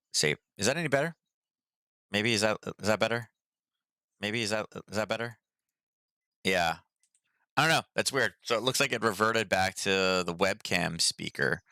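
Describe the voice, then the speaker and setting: Guy streaming from his desk, deep voice but bounces around a lot, rambly and casual. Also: sharp tone. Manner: rambling, chatty, many fillers. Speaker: trading stream host. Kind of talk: casual livestream chat. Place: home desk.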